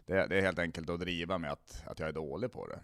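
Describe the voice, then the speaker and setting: A man's voice: sits low, steady tone, fast, fairly bright tone, dry recording, clean studio sound. A man whose first language is Swedish, hosting a comedy podcast in a casual chat, hesitant with many fillers and restarts.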